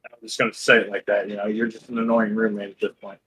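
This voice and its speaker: A man's voice: fairly low pitch, flat delivery, fast, pushed and bright, breathy edge, poor audio. A man running a tabletop game as game master, talking loosely and rambling, with casual swearing.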